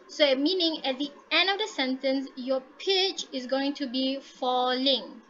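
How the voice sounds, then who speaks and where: A teacher runs an online class through a laptop mic. She talks in a high, bright voice, keeps checking in with "okay," and mixes in Malay words. The call audio is a little dull, with a faint hiss behind it. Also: unhurried, hardly any pauses. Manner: encouraging, repeats "okay" often, mixes in Malay. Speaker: English teacher. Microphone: laptop mic on a video call.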